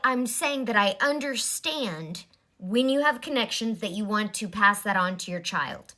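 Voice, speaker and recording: A woman's voice: mid-range voice, lively intonation, measured pace, sharp tone. A woman in her forties giving a blunt, exasperated commentary in a vlog. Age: 40s. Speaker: vlogger.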